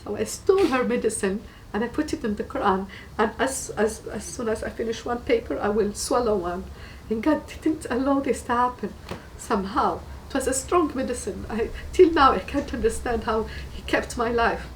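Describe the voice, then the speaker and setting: A woman tells her personal testimony in a somewhat high voice. She speaks earnestly and haltingly, and she repeats words for emphasis. The mic sits some way off, with a faint hiss behind her. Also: distant mic, poor audio. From Tunisia. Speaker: guest giving a faith testimony.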